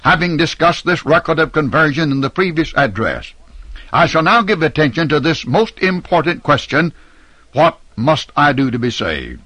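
Man, middle-aged, preacher, scripted sermon, emphatic, lively pitch, dry sound. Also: breathy edge, no room sound. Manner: measured, emphatic, declamatory delivery. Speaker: radio preacher.

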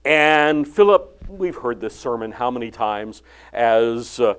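An older man preaching a sermon, retelling the Bible story and acting out its dialogue with lively inflection. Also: medium pitch, slow, clear, resonant tone. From California.

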